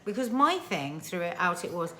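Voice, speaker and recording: Low-voiced woman co-hosting a review chat. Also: big pitch swings, moderate pace, a crowd in the background. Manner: chatty, emphatic, teasing. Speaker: TV review podcast co-host. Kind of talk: casual chat.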